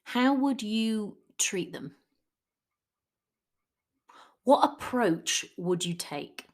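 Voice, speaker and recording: A woman coach giving a chatty solo podcast talk. She acts out quoted people in lively voices. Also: mid-range voice, drawn-out words.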